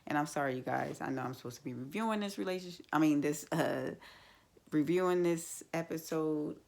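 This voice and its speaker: Blunt chatty woman with vocal fry. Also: low voice, fairly quick, a little mellow. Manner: blunt, chatty, many fillers like "like" and "you know". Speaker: TV show reviewer. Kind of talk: casual opinionated recap.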